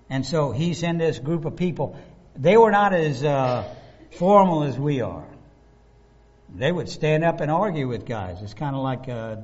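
A man preaching a sermon, animated and conversational, acting out the voices of the people he describes. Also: mid-range voice, slightly rough. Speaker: pastor. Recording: dull lo-fi recording.

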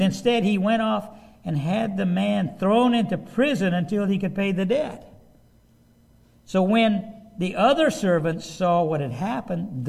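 A man's voice: high voice, vocal fry, a little mellow, breathy edge. A man preaching a sermon, reading scripture aloud and stopping to ask his listeners emphatic rhetorical questions. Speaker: pastor.

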